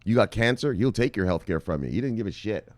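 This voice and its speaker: A man from Canada vlogs about crypto news in a low, lively voice that leaps up and down as he gets worked up. He swears freely, repeats phrases and calls his viewers brothers. The sound is dry and close, with no room echo. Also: fast talker. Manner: excitable, profane, repeats himself, addresses viewers as brothers. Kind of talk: animated profane crypto commentary.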